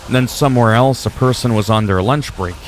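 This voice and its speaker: Soft music plays behind a French-speaking Canadian streamer as he games and rambles amiably to viewers on his livestream. He talks briskly in a mid-range voice.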